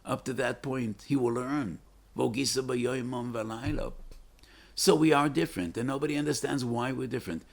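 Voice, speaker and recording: An older man, a rabbi, giving a fervent Torah talk full of stories, with sudden emphatic rises and dramatic pauses. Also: medium pitch, steady tone, vocal fry.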